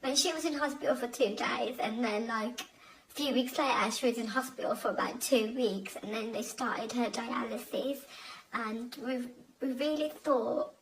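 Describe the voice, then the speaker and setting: A young woman telling a personal family story in a halting, emotional way, with many restarts. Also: fairly high pitch, crowd noise, poor audio. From Bangladeshi family. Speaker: guest telling her conversion story.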